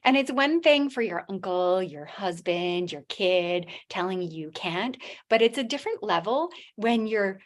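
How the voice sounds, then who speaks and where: A middle-aged woman with a non-native English accent, giving a motivational talk on stage in a halting way, with restarts and acted-out quotes. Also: mid-range voice, expressive. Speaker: motivational speaker.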